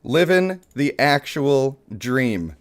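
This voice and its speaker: A young man with a mid-range voice speaks very slowly while hosting a live mobile game stream. Playful and excitable, he jokes with chat and hypes up his pulls.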